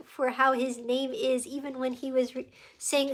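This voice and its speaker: A woman's voice: high-pitched, moderate pace. A woman hosting a livestream, telling a faith story in a rambling, emotional way and easily sidetracked. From United States. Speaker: livestream host. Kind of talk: casual faith testimony livestream.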